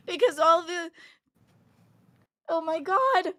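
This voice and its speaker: Streamer host, woman, very high pitch, tearful and self-critical throughout. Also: measured pace, fairly bright tone. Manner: distraught, self-critical, sighing. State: crying. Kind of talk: emotional live-stream talk.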